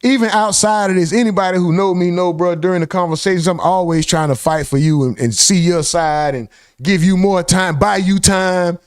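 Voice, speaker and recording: A man's voice: high voice, normal speed, clean tone, no room sound, clean studio sound. Incredulous man hosting a reaction stream. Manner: incredulous, swearing, reads chat comments aloud. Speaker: live stream host. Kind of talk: casual reaction stream, reading chat.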